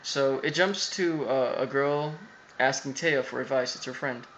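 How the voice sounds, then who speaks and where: A man's voice: mid-range voice, measured pace, a bit bright, slight background noise, poor audio. A man casually recapping an anime episode, rambling with lots of fillers and quoted asides.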